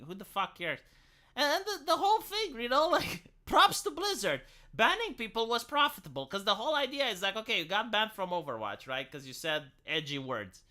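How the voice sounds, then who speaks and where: On his live stream, a man talks in a sharp, bright voice whose pitch leaps and swings widely. He speaks briskly, rambling, tossing off sarcastic asides and swearing freely, like loose, opinionated late-night chat.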